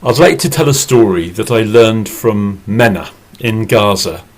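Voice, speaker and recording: A man from England, telling a story slowly and expressively over a video call. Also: on the low side, rough recording. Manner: slow, deliberate and expressive. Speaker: storyteller and English teacher. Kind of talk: oral storytelling.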